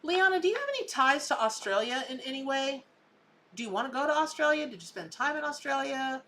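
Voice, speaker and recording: A woman's voice: sits high, expressive, a little fast, bright, forceful tone, slight background noise. A woman, hosting a live tarot reading in a chatty, emphatic way. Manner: chatty and emphatic, repeats words for effect. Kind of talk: casual live psychic reading.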